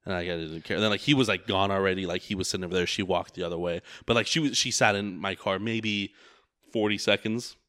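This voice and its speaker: A man's voice: low voice, fairly even intonation, fast, fairly bright tone, no echo, studio quality. A man who drives for a rideshare service, telling a story in casual chat, rambling and profane with lots of filler words.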